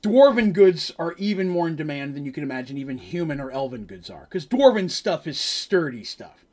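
A man tells an improvised fantasy story in a casual, rambling way. He is chatty and goes off on asides. His voice sits a little higher than most men's. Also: big pitch swings, fairly quick, a little mellow.

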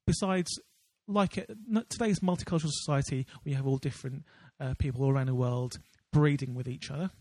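A man's voice: medium pitch, a little fast, hardly any pauses, a little mellow, no echo. A man co-hosting a podcast in casual chat, rambling with many fillers and restarts. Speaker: podcast co-host.

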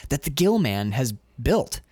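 Animated man retelling a film. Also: mid-range voice, a little slow, no echo, studio quality. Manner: animated, acts out characters in quotes. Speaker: podcast co-host. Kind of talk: casual film discussion.

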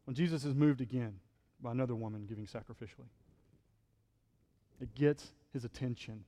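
A man's voice: mid-range voice, brisk, mellow, in a large hall. A male pastor preaching a sermon in a conversational style, acting out quotes and building to fervent peaks.

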